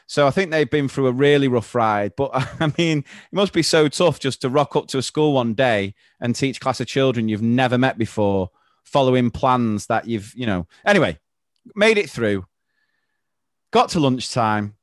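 A man hosting a podcast, telling chatty school anecdotes and laughing easily. His pitch sits in the middle. The sound is dry and close to the mic. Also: lively intonation, moderate pace, no echo. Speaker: podcast host, primary school teacher. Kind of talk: casual podcast chat.

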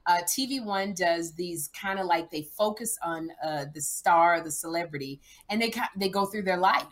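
A woman co-hosting a podcast in casual chat, an animated storyteller who jumps into high, loud voices when acting out scenes. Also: normal speed. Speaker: podcast co-host.

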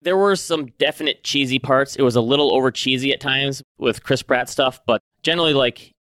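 Male podcast co-host, casual and chatty, mid-pitched voice, dry close recording. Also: fairly quick, no room sound. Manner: relaxed, chatty, lots of "like" fillers. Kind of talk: casual chat.

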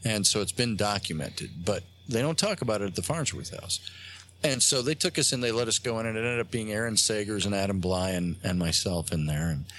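A man, a guest on a talk show, tells a long story in a halting way, with many fillers and restarts. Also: fairly low pitch, fairly bright tone. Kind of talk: casual storytelling on a radio show. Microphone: phone line.

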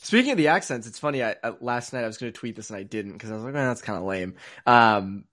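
A man's voice: mid-range voice, lively intonation, quick pace, fairly bright tone. A young man co-hosting a casual sports podcast, rambling and self-mocking, laughing often between thoughts. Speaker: podcast co-host.

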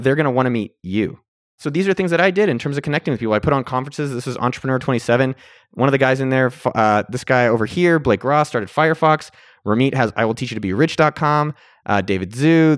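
Fast-talking upbeat man hosting a podcast. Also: mid-range voice, no echo, studio quality. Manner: upbeat, playful, salesy. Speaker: podcast host. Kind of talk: energetic solo podcast talk.

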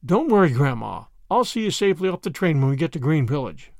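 A man voicing a quiet, calm stranger. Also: a little high, quick pace, no room sound, clean studio sound. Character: quiet, kindly dark-haired stranger on a train.

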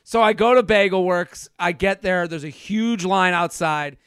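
A man's voice: sits high, a little slow, a bit bright, clear, resonant tone, no room sound, studio quality. A man who is a comedian guest, telling casual stories in a rambling, self-interrupting way and laughing often. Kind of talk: casual storytelling.

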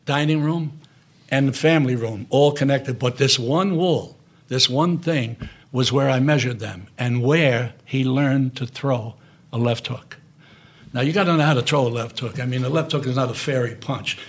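An older man with a New York accent telling lively, salty stories as a guest in an interview, acting out quotes as he goes. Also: mid-range voice, normal speed. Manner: animated, salty, acts out quotes. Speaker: guest actor. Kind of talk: storytelling interview. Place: private club room.

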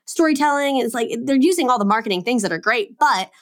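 A woman's voice: on the high side, animated, quick pace. A young adult woman co-hosting a podcast, talking in a casual, rambling way full of filler words. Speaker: podcast co-host. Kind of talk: casual chat.

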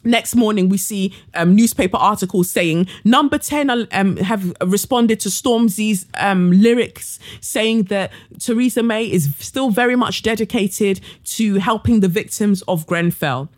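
A woman's voice: medium pitch, a little slow, few pauses, a little mellow. A woman podcast host with a London accent, ranting bluntly and indignantly, swearing freely. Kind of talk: ranting monologue.

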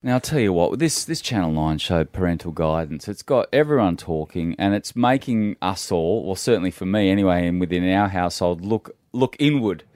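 A man's voice: deep voice, animated, a little fast, hardly any pauses, a little mellow, dry recording, studio quality. A man with an Australian accent hosting a radio show, chatting casually and making fun of himself. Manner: chatty, self-mocking, jokey. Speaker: radio host. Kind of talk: casual breakfast-radio banter.

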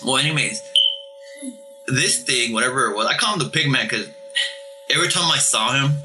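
A man tells his story with a very bright, sharp-edged voice that stays at an ordinary middle pitch. He talks casually and haltingly, stumbling over repeated words and starting lines again, while faint music plays underneath. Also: rough recording. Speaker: caller telling ghost stories.

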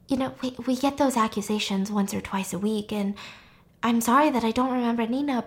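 A woman acting out an evasive, self-justifying middle-aged female college dean in a film recap. She speaks softly and defends herself. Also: on the high side, close to an everyday voice.

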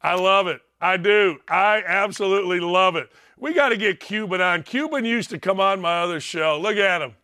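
A man hosting a sports talk show in a high-pitched voice. His tone is bright and sharp. He rants sarcastically and mocks with loud bursts. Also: moderate pace, hardly any pauses, clear, resonant tone. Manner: sarcastic, mocking, loud outbursts, frequent laughing asides.

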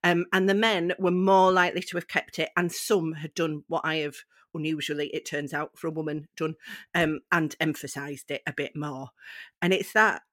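A woman's voice: low-pitched, steady tone, normal speed, a bit bright, no room sound, clean studio sound. A woman from Bradford with a Bradford accent tinged with Northeast vowels, a stand-up poet speaking thoughtfully and emphatically in a podcast discussion. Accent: Bradford with Northeast English vowels. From Bradford, England.

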